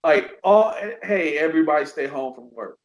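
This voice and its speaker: A man's voice: a little high, expressive, normal speed. A man chatting casually on a podcast, laughing often and swearing freely. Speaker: podcast guest. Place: his home in Dallas. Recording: echoey room.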